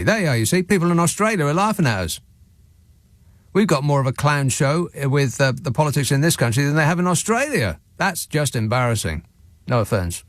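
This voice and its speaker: A male radio phone-in host talking in a sardonic, mocking, quick-witted way. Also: a little high, big pitch swings, dry recording. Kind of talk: casual radio chat. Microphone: studio microphone.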